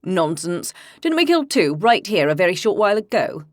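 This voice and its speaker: A woman voicing a good-natured, steady young male warrior with calm, warm, reassuring speech. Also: lowish voice, moderate pace, no room sound, clean studio sound.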